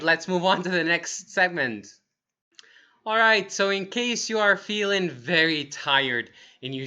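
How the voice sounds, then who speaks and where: A young man teaching English phrases for feelings in an upbeat way, repeating each phrase slowly and acting the emotion out. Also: on the high side, sharp tone, lo-fi sound. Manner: upbeat, acts out each feeling in slow demonstrations. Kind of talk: lively language lesson. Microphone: wearing earphones on camera.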